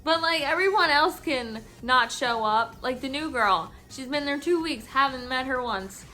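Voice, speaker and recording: A woman's voice: high-pitched, lively intonation, normal speed, pushed and bright. A tipsy young woman telling a work story to camera, laughing often and swearing as she acts out the people involved. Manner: laughing often, swearing, acting out coworkers' lines. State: tipsy from drinking. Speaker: vlogger.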